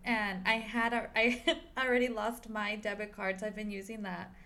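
A woman's voice: medium pitch, flat delivery, moderate pace, sharp tone. A young woman in her twenties co-hosting a podcast, telling a story in a rambling casual way, full of fillers and swearing. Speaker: podcast co-host. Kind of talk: casual chat.

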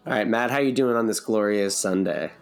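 A man with a fairly low voice co-hosts a podcast, joking and teasing himself in a loose conversational way. He talks over a call with faint music underneath. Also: a little fast. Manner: playful, jokey, self-mocking. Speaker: podcast co-host. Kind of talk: casual chat.

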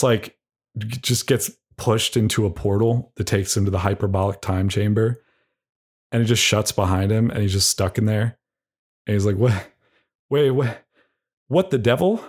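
A young man with a lowish voice hosts a podcast, delivering a rambling, deadpan comedic monologue and throwing in mock insults.

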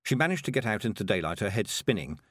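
Expressive male audiobook narrator. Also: on the low side, quick pace, breathy edge, no room sound, clean studio sound. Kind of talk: scripted narration.

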